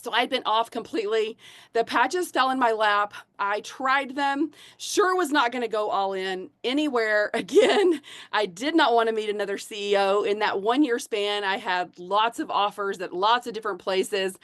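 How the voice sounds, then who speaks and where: A woman's voice: medium pitch, moderate pace, fairly bright tone, no room sound, clean studio sound. A woman giving a gushing, chatty personal testimony to her sales team. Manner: gushing, chatty, many fillers. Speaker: network marketing leader.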